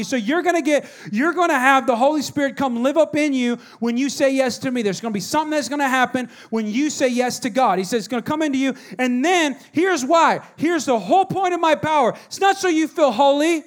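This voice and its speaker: A man, preaching a sermon and telling stories, shifting between hushed, soft moments and loud exhorting. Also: extremely high pitch, brisk, hardly any pauses. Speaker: pastor.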